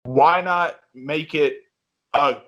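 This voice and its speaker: Male podcast co-host, slow and laid-back, agreeable sports banter. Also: a little high, a bit bright. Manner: laid-back, agreeable, says yep a lot. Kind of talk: casual sports chat.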